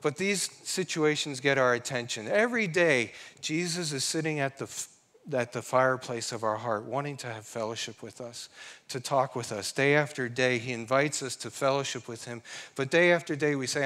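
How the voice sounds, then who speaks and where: A middle-aged man preaching a sermon in an earnest way, slowing down to sing and quote scripture. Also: mid-range voice, a bit bright.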